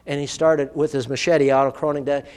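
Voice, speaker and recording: High-voiced preacher in a reverberant hall. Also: male voice, flat delivery, a little fast, a little mellow, clean tone. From United States. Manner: earnest, vivid storyteller. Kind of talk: sermon with personal storytelling.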